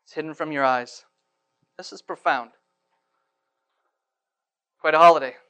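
A man preaching a sermon in church, swinging from hushed to loud and asking rhetorical questions. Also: a little high, measured pace, clear, resonant tone. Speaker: pastor.

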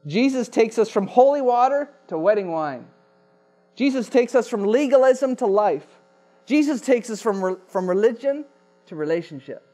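A man's voice: extremely high pitch, animated, normal speed, dark tone. A man preaching a sermon, emphatic and repeating key phrases for effect. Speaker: pastor.

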